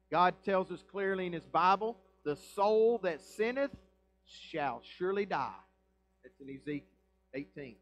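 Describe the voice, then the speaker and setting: A man, a pastor preaching a sermon in a church with emphatic rhetorical questions and swings between loud and quiet. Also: high-pitched, highs cut off. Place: church sanctuary.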